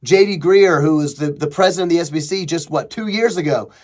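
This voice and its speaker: A man's voice: a little high, a little fast, darkish tone. A man hosting a podcast, giving emphatic, sarcastic commentary as he reads through an online argument. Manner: emphatic, sarcastic, mocking impressions of opponents. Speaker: podcast host. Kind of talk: opinionated commentary reading a thread.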